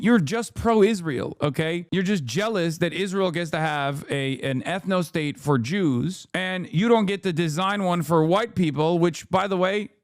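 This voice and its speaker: High-voiced male streamer, dry close mic; heated, mocking, profane reaction rant. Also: animated, moderate pace, few pauses, no room sound. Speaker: streamer host reacting to clips.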